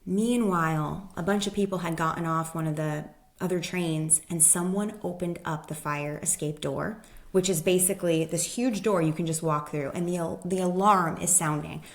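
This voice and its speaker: A woman's voice: lowish voice, moderate pace. A woman guest, a human design expert, telling a personal story in casual conversation and acting out the people she quotes.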